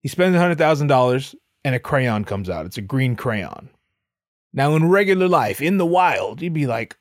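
A man's voice: mid-range voice, very animated, moderate pace, no echo, clean studio sound. A man hosting a podcast, retelling a story in a profane, rambling, mock-boastful comedic way. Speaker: podcast host.

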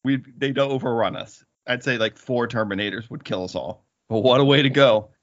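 A man's voice: mid-range voice, fairly quick, no room sound. Guy cohosting a podcast, crude jokey banter, dry muffled sound. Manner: joking, crude, playfully provocative. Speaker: podcast co-host. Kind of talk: casual chat.

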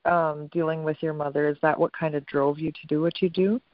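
A woman's voice: low-pitched, level tone, a little fast, dry recording. Woman host, casual and chatty, lo-fi dry recording. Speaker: interview host. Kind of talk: casual conversational interview. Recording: dull lo-fi dry sound.

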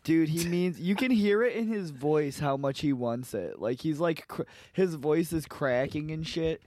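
A man's voice: a little high, expressive, unhurried, darkish tone, no room sound, studio quality. A man co-hosting a podcast in casual, crude chat, joking and laughing often with many fillers. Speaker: podcast co-host.

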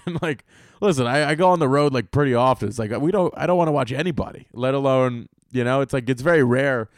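A young man hosting a solo podcast, telling rambling, profane comic stories with bursts of loud excitement. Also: medium pitch, quick pace, dry recording, studio quality. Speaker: podcast host and stand-up comedian.

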